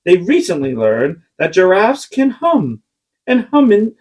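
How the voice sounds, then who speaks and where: A woman's voice: on the low side, huge pitch swings, measured pace, a little mellow, slightly rough, low-quality recording. A woman co-hosting a podcast in casual chat, reading fun facts aloud and teasing her co-host while breaking into laughter.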